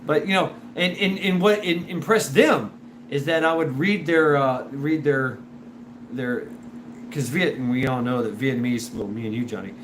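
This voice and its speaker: A man hosting a show in a casual, rambling monologue, full of restarts and repeated words, and animated when he imitates other people. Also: mid-range voice, moderate pace. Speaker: show host. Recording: noisy background.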